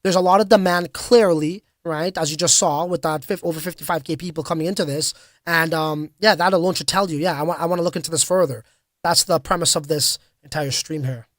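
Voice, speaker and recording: A man's voice: on the high side, steady tone, brisk, no room sound, studio quality. Casual, slangy crypto livestream guy. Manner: casual, slangy, hype-driven with frequent fillers. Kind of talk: casual livestream chat reading comments.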